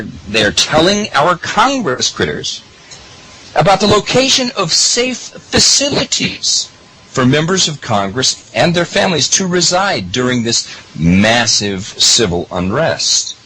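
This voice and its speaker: A man's voice: medium pitch, sharp tone, a little hiss or hum, rough recording. A middle-aged man from the United States hosting a political talk radio show, delivering an indignant, rambling monologue full of restarts and asides to his listeners.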